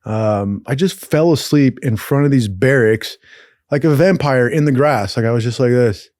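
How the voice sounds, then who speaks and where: A man spins a loose, profane story, laughing often and swearing freely. His voice sits at an ordinary middle pitch. The recording is dry and close. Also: moderate pace, darkish tone, no room sound. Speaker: storyteller host. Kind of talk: casual storytelling.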